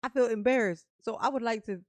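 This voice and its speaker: A woman doing a mocking impression of an excited, scheming male defendant. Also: fairly high pitch, quick pace, no echo, close to an everyday voice. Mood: gleeful.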